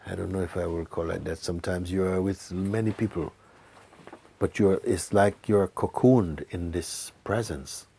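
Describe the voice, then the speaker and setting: A man giving a soft-spoken spiritual talk, telling a personal story and often sinking to a hush. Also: low voice, fairly even intonation, moderate pace, creaky, slightly rough. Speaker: spiritual teacher.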